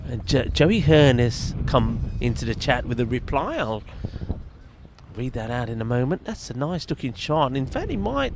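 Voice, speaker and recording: A man's voice: medium pitch, big pitch swings, moderate pace, gravelly, noisy background. A man giving live, chatty commentary at a cricket match, bantering with the fielders near him. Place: outdoors at a cricket ground.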